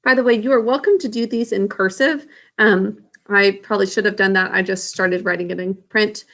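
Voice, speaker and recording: A woman's voice: mid-range voice, steady tone, a little fast, a bit bright. A woman teacher explaining a science lesson in a casual, self-correcting way to young students. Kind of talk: recorded classroom lesson.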